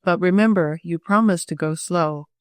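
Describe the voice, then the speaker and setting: A woman's voice: on the low side, moderate pace, no room sound, natural voice. A woman narrator voicing a timid girl. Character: timid, cautious young woman.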